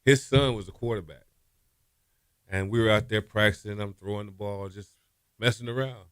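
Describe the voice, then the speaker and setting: A middle-aged former college quarterback, appearing as a guest in a casual interview, tells stories in a smooth voice at normal speed. An animated storyteller, he laughs often and acts out what people said with raised pitch; the recording is dry and clean studio sound.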